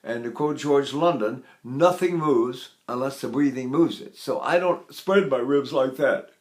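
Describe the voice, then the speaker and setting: A man in his eighties giving a spoken voice lesson in an unhurried, explanatory way, now and then singing or breathing to demonstrate. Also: medium pitch. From United States. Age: 80s. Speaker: voice teacher.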